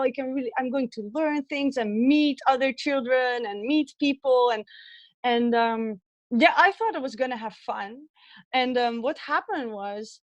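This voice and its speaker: Animated Dutch-accented woman telling stories. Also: sits high, no echo. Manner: animated storytelling with laughs and acted childhood quotes. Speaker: interview guest. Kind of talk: conversational interview storytelling.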